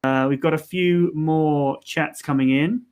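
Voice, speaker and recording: A man's voice: fairly high pitch, fairly even intonation, unhurried, darkish tone, clear, resonant tone. A man co-hosting a live learning stream, explaining pronunciation in a casual, hesitant way with many fillers. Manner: hesitant, lots of ums and restarts, explanatory.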